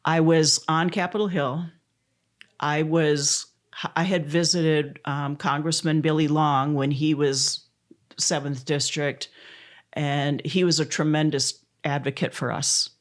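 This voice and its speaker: A woman's voice: low voice, level tone, takes it slowly. A middle-aged woman from Missouri, a volunteer advocate telling a story in an interview, laughing often and close to tears.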